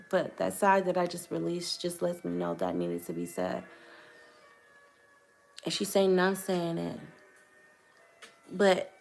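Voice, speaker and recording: A woman's voice: fairly low pitch, vocal fry, fairly bright tone. A young woman vlogger telling a personal testimony to camera in an earnest, hesitant way, choosing her words carefully.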